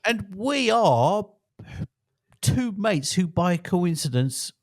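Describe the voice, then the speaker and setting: A man's voice: high-pitched, very animated, takes it slowly, no room sound, studio quality. A middle-aged man from England co-hosting a podcast in a playful, jokey, casual chat. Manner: jokey, playful, breaks into song. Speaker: podcast co-host.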